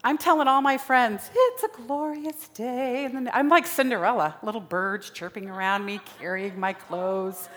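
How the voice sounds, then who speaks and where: A woman's voice: mid-range voice, moderate pace, few pauses, a bit bright. A woman preaching a sermon in a dramatic style, repeating phrases for emphasis. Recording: long reverb of a large hall.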